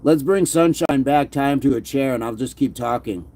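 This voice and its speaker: Warm in tone and mid-range in pitch, this middle-aged man hosts a livestream at a normal speed, reading viewer comments aloud as he goes. He keeps things loose and jokey, repeatedly switching to a mock movie-gangster voice to land a punchline.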